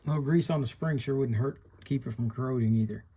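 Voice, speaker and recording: A man's voice: medium pitch, fast, mellow, husky. A middle-aged man hosting a hands-on repair tutorial, plain-spoken, talking through each step while he works. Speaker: fishing reel repairer hosting a channel.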